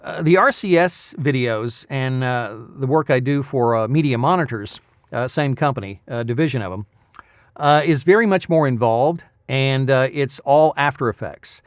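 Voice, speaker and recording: A man's voice: mid-range voice, moderate pace, dry recording, studio quality. A man in his fifties, a voice-over artist chatting in a rambling casual vlog recap with many fillers. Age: 50s.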